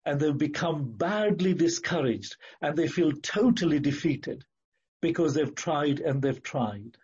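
A man preaching a sermon in an earnest, emphatic way, repeating key phrases and slowing down to stress words. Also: a little high, expressive, darkish tone, slightly rough, dull audio.

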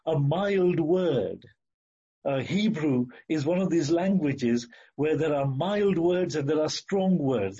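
A man delivers a sermon at a slow, measured pace, stressing key words and stumbling over occasional fillers. His voice is husky and mellow and sits a little high for a man. The recording sounds dull and lo-fi. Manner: slow, deliberate, emphatic with hesitant fillers. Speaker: preacher.

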